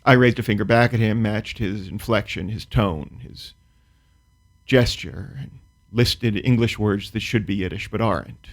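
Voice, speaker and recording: A man's voice: lowish voice, normal speed. A man, a comedian guest, telling a comic story in a dry, precise, wry way, then chatting casually about his work. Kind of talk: casual talk-show chat.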